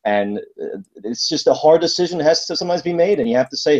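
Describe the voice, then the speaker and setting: A man's voice: fairly high pitch, animated, fast, a little mellow, lo-fi sound. A man co-hosting a casual sports talk show, blunt and emphatic, with lots of fillers and restarts. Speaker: sports podcast co-host.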